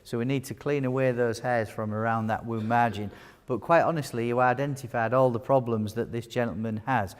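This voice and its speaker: A wound care nurse presenter gives a live teaching talk in a large hall with an audience, and the recording carries long hall reverb. His medium-pitched voice is smooth, fairly even in intonation and fairly quick, and he's chatty and jokey as he quizzes the crowd.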